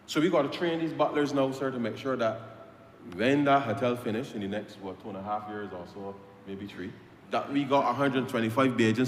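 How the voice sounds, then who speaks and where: Barbadian MP speaking in an echoing chamber. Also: male voice, mid-range voice, fairly quick, a little hiss or hum. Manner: emphatic, repetitive, addresses "sir" nearly every phrase. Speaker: member of parliament. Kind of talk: parliamentary speech. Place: legislative chamber. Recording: echoey chamber with long reverb.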